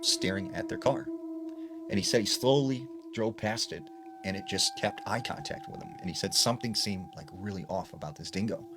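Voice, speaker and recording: A man casually retelling scary stories in a chatty manner, often dropping "like" and "you know" between phrases. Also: lowish voice. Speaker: storyteller. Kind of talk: casual spoken storytelling. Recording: noisy background ambience.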